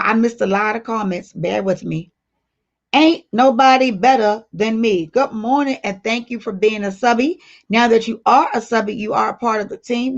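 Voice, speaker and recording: A woman hosting a casual livestream, reading viewer comments aloud and talking straight to her viewers in a blunt, playful way. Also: a little high. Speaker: livestream host. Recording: dull lo-fi stream audio.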